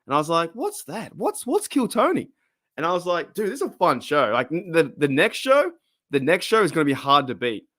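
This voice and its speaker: A man's voice: on the high side, sing-song, fast talker, fairly bright tone, no room sound, studio quality. A man with an Australian accent hosting a casual live stream, rambling and chatty, reading out chat and laughing often.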